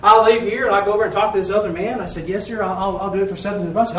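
A lay preacher with a high voice tells a folksy testimony at a church service, speaking fast and acting out the voices of people in his story. The mic sits well away from him, so his words ring through the spacious church over a faint hiss.

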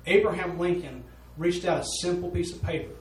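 A man's voice: high-pitched, brisk, faint music behind. A man preaching a sermon, telling a story in an earnest, folksy way. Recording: roomy echo, voice from a distance.

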